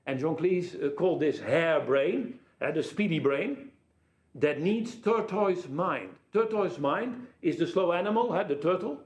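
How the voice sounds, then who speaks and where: A man's voice: fairly high pitch, animated, moderate pace, hardly any pauses, echoey room. A jet-lagged man giving a conference keynote over a telepresence link, telling anecdotes and jokes. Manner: anecdotal, joking storyteller. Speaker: keynote speaker.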